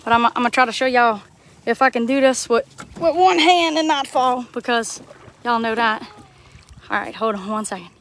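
A woman's voice: fairly high pitch, moderate pace, fairly bright tone, slight background noise. A young woman from Louisiana with a Southern accent, chatting to her viewers as she works on a boat on a bayou, talking into a phone. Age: young adult. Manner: chatty, greets viewers, talks while working. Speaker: vlogger, crawfisher. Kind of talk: live-streamed outdoor vlog. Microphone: phone held while working.

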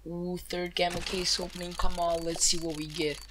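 Over a noisy background, a woman with a lowish voice hosts a gaming channel at a normal speed. Her case-opening commentary is excited, full of gasps, exclamations and free swearing.

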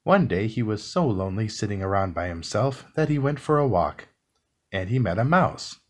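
A man reading a classic children's book aloud in a calm, soothing bedtime style. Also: lowish voice. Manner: slow, soothing, expressive reading. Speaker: storybook reader.

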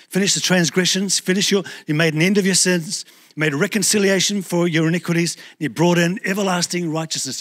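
Male pastor, New Zealand accent, higher voice, chatty lively sermon delivery. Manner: conversational, animated preaching with acted asides.

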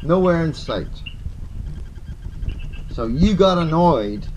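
A man's voice: a little high, expressive, slow pace, a little mellow, slight background noise. Angry kiwi guy going off at his advocate, swearing, repeating himself, accusing. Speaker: complainant confronting his advocate. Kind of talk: heated confrontation.

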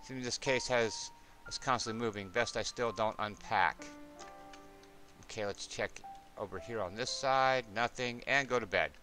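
A man's voice: medium pitch, normal speed, pushed and bright, soft background music. A man hosting a gameplay video, chatting playfully as he plays. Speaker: gameplay host. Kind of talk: let's play commentary.

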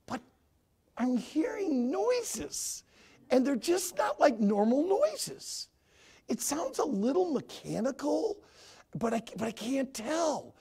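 A man in his sixties preaching a sermon, telling a story and swinging from hushed to shouting. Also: extremely high pitch. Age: 60s.

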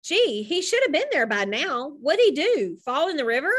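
A woman's voice: high-pitched, sing-song, moderate pace, a bit bright, voice pushed up. A woman voicing a worried young boy in a storybook, sounding anxious.

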